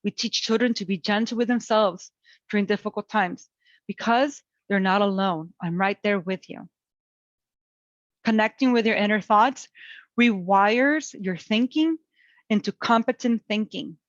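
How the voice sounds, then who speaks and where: A middle-aged woman teaching a parenting webinar, gentle and coaching in tone, talking through calm self-talk. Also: medium pitch, normal speed, dry recording, dull audio. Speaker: parent educator.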